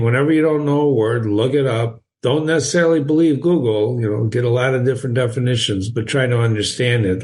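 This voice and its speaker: A man's voice: mid-range voice, a little mellow. A man reading a classic novel aloud and explaining it as a teacher, chatty and encouraging, with frequent chuckles and digressions.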